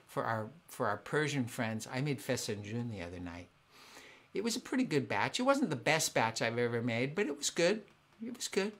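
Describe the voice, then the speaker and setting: A man hosting a live-streamed family concert, chatting excitedly with viewers at home between songs. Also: mid-range voice. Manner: excitable, chatty, warm with kids. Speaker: family concert singer and host. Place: home in Southern California.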